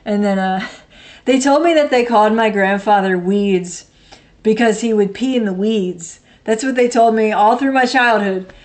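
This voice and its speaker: A woman's voice: mid-range voice, normal speed, a little mellow. A woman in her thirties hosting a livestream, chatting casually and answering viewer comments in a rambling, blunt way with frequent laughter. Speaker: livestream host.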